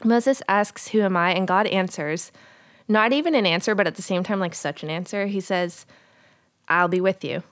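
A young adult woman co-hosting a casual Bible discussion podcast, telling the story with lively put-on voices for the people in it. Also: mid-range voice, normal speed, no room sound, studio quality. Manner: animated storyteller, acts out voices in quotes. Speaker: podcast co-host.

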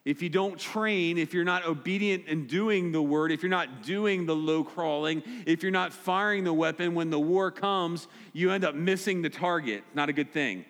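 A man's voice: fairly high pitch, normal speed, few pauses, a bit bright. A man preaching a sermon as pastor, direct and emphatic, repeating key points. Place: church sanctuary. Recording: long hall reverb.

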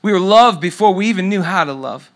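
A man's voice: high-pitched, expressive, brisk, fairly bright tone. A middle-aged man preaching a sermon, telling a story and dropping to a near whisper at tender moments. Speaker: pastor.

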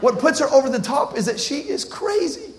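High-voiced animated male preacher. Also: brisk, a faint crowd. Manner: animated, humorous storytelling with slang. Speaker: pastor. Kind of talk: sermon.

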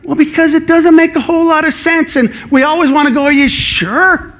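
A middle-aged pastor with a notably high-pitched voice delivers a sermon. He talks in a casual, animated way and often slips into acting out people's worried thoughts. His preaching feels chatty rather than formal. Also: fast talker. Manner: animated, conversational preaching that acts out inner dialogue.

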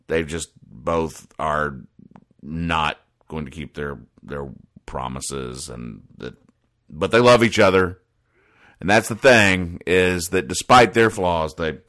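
A man's voice: deep voice, fairly bright tone. A man hosting a comics-reading show, talking casually with dry, wry asides and frequent hesitations. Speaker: host reading newspaper comics. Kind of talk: casual commentary.

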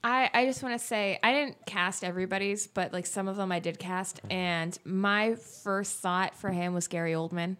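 A young woman in a casual group discussion, playful and quick to interject. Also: medium pitch, fairly even intonation, fairly bright tone. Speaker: student presenter. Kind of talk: casual chat.

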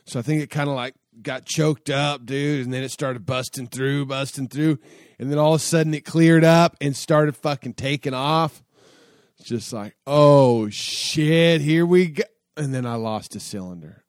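A man telling a story in a loose, rambling way, swearing constantly and backtracking mid-sentence. His voice sits at an ordinary middle pitch. The sound is close and dry with no room around it. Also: normal speed, dry recording. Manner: rambling, profane, full of fillers and restarts. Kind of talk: casual spoken anecdote.

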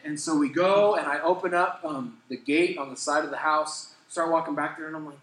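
Lively, bright-voiced male pastor. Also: fairly high pitch, quick pace, reverberant, a little hiss or hum, rough recording. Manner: animated, laughing storyteller acting out quotes. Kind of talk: storytelling sermon.

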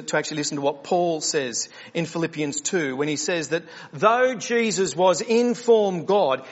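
A man's voice: high voice, a bit bright, dull audio. A man preaching a sermon as the church pastor, earnest and questioning, often restarting his words.

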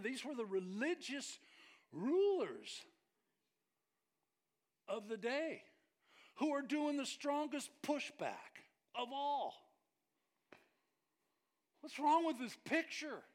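Animated, high-voiced male pastor preaching. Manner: animated, joking with the congregation. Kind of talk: sermon.

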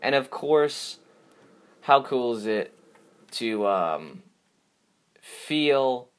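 A man wraps up his own solo podcast in a casual, upbeat outro, rambling with plenty of fillers and restarts. His medium-pitched voice is very animated, clear and resonant, and he talks extremely slowly.

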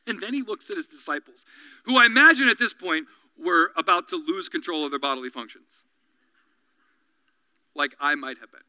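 A man preaching a sermon as pastor, animated, dropping to quiet intense asides and acting out quoted voices. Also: high-pitched, moderate pace, pauses often, no room sound, poor audio. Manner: acts out quoted voices and dialogue.

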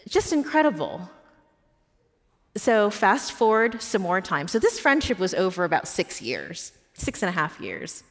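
A woman's voice: mid-range voice, big pitch swings, normal speed, few pauses. Woman pastor preaching in a reverberant hall. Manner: personal storytelling, warm and earnest. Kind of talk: sermon. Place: church.

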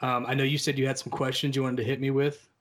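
A man's voice: mid-range voice, level tone, fast, fairly bright tone. A man co-hosting a casual film podcast, agreeable and steering the conversation to new topics. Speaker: podcast co-host.

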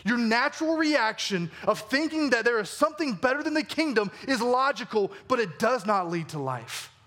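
A man's voice: very high voice, very animated, moderate pace, pushed and bright. A man with a Southern American accent preaching a sermon as a pastor, earnest and conversational, full of questions put to his listeners. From Georgia, US.

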